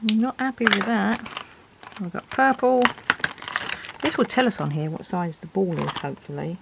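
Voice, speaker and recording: A woman's voice: medium pitch, animated, moderate pace, vocal fry, heavy background noise. A woman, chatting casually and thinking aloud as she reviews art supplies.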